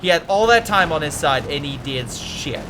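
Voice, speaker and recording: A man giving casual commentary on a strategy game replay, excitable and ranting, swearing and swinging from mutters to yells. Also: a little high, moderate pace, over music.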